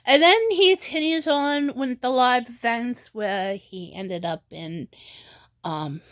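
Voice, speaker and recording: A woman vlogger giving casual commentary, halting with many restarts and fillers, at times tearful. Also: a little high. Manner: tearful and emotional in places.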